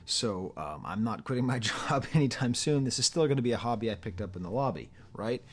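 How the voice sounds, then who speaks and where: A man's voice: mid-range voice, expressive, a little fast, slight background noise. Middle-aged male academic vlogger, mid-range voice, loose and chatty, laughs through his asides. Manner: chatty, digressive, laughs often. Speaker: YouTube rap critic and academic. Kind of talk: casual monologue to camera.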